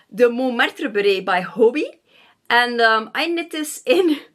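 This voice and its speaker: Woman knitting vlogger, bright lively voice, rambling casual chat with fillers, home vlog on camera mic. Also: sits high. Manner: chatty and rambling, with many fillers and self-corrections.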